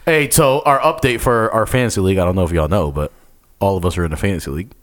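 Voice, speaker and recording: A man's voice: low voice, fast. A man in casual conversation with friends, laid-back and slangy with dry quips. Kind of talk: casual chat.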